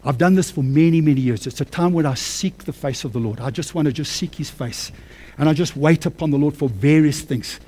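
A man preaching a sermon with personal testimony, calling listeners friends and child of God, moving from quiet storytelling to fervent shouting. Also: fairly high pitch, brisk, slight background noise. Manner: swings from hushed to shouting with passion.

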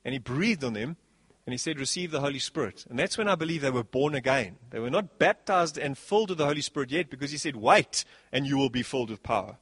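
A man preaching a sermon as pastor, animated, swinging between soft passages and loud bursts. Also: medium pitch, fast, slightly rough, no room sound.

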